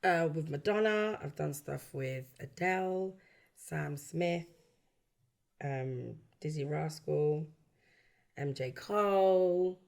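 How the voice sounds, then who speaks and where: A woman from London with a London accent and a low, gravelly voice tells stories about her singing career. She chats easily in a relaxed interview, laughs a lot and slips into livelier voices whenever she quotes someone. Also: takes it slowly. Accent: London English. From London, England. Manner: animated storytelling, acts out quoted voices, laughs often. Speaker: guest, backing singer and songwriter. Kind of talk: casual chat.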